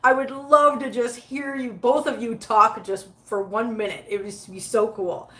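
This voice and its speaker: A woman with a slightly high voice talks casually to her live viewers while she cleans up after her cats at home, laughing easily and stopping to talk to the cats. The sound comes from a phone set up nearby in an echoey room. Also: steady tone, moderate pace, fairly bright tone. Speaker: cat vlogger reading live chat. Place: home with many cats, litter box area.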